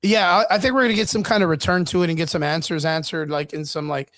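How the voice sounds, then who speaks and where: A man's voice: fairly high pitch, fairly even intonation, fast, fairly bright tone, no echo. A man co-hosting a casual streamed chat show, joking loosely and swearing, with lots of "dude" and "bro". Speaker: podcast co-host. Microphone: streaming mic.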